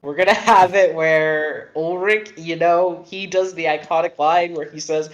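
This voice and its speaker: A co-host on a livestream, chatting casually and jumping in excitedly with ideas. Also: medium pitch, rough recording. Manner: excitable, quick to jump in with ideas. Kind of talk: casual group chat.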